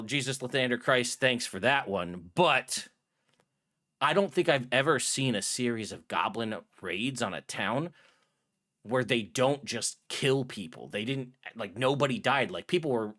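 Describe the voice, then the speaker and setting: A man voicing a harried town official in a tabletop game, rambling quickly and cutting himself off. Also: mid-range voice, a bit bright, lightly acted. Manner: rambling, rapid, self-interrupting. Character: harried male town official, fast-talking and overwhelmed. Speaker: dungeon master voicing a townsman. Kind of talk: tabletop role-play.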